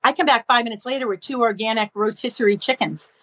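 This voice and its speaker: A woman's voice: fairly high pitch, quick pace, highs cut off. A woman from the area, a podcast guest explaining ideas and acting out little scenes in voices. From Boston area. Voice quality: expressive, acts out dialogue in voices. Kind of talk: animated podcast explanation with acted-out anecdotes.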